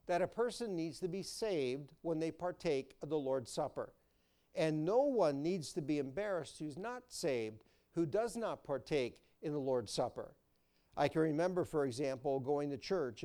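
A man's voice: a little high, warm tone. A man preaching a sermon as pastor, folksy and storytelling. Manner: folksy, storytelling, repeats words.

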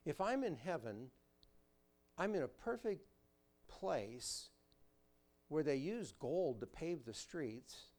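A man preaching a sermon to his congregation with animated emphasis, asking questions and answering them himself. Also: a little high, slow, pauses often. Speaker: pastor. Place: church sanctuary.

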